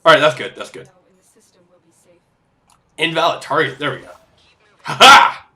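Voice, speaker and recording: A man giving casual, excitable commentary over a game, swearing freely and breaking into laughs and shouts. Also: normal speed. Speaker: gameplay commentator. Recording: noisy low-quality game capture audio.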